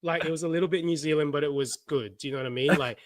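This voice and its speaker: A man with an Australian accent co-hosting a casual podcast, animated and chatty, often cutting himself off mid-thought. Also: fairly high pitch, racing, no room sound. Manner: animated, chatty, self-interrupting. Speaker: podcast co-host. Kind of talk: casual chat.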